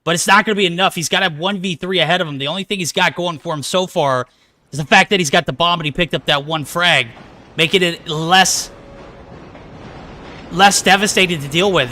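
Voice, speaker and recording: A man with a high, bright, sharp voice calls a mobile shooter match live. He talks in hype slang and yells player names when the action swings. His delivery stays punchy throughout. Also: fairly quick. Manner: hype, slangy, shouts names at big plays. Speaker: esports caster. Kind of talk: live play-by-play commentary.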